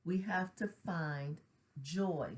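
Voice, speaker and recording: Speaking very slowly in a low, darkish voice, this middle-aged grief counselor reflects aloud on a loss of her own. Her manner is earnest yet casual and personal, sprinkled with slang and repeated "right?" check-ins.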